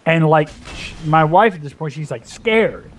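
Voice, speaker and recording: Young guy rambling thru a sweary story, kinda high voice, super animated. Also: unhurried, slight background noise. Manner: profane, rambling, animated anecdote-telling. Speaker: gaming video host. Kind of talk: casual storytelling chat.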